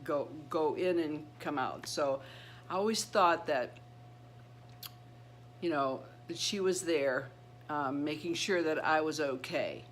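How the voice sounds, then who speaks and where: Halting, earnest middle-aged woman storyteller. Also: deep voice, a little hiss or hum. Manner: earnest, halting, with many restarts and repeated words. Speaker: channel host. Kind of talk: personal storytelling vlog.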